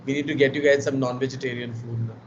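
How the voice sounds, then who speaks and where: A man's voice: medium pitch, flat delivery, fast. A man with an Indian English accent teaching an online class, chatty and teasing, mixing Hindi into his English, his voice tired and worn. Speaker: lecturer. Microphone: video call. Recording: muffled video call audio with faint noise.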